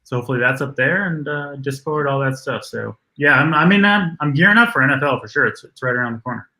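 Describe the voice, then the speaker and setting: A man with a bright, forceful tone, talking in a laid-back, halting way full of "uh." His voice rings in a roomy, echoey space. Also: mid-range voice. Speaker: fantasy sports writer. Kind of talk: casual chat.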